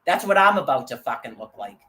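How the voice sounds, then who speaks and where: A woman's voice: extremely low pitch, sing-song, fast, bright, forceful tone. An older woman vlogging an angry, profanity-heavy rant, agitated and quoting what others said to her.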